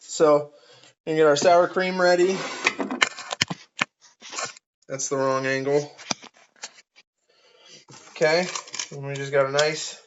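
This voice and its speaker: A man's voice: on the high side, fairly even intonation, measured pace, long pauses, noisy background. A man telling jokes and cooking on a casual live stream, playful, with goofy sound effects. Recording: dull lo-fi audio.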